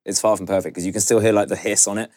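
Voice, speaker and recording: A man's voice: fairly low pitch, little pitch movement, very fast, darkish tone, a little hiss or hum. A man guesting on a podcast, talking in a wry, self-deprecating, chatty way. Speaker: guest beatboxer and musician. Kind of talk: casual chat on a podcast.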